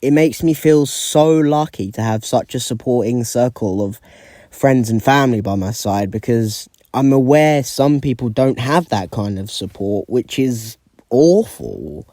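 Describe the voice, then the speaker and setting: A man offers sincere, measured commentary as a guest, in a mellow voice. The recording is dry and close, with no room sound. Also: medium pitch, animated, dry recording. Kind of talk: video commentary.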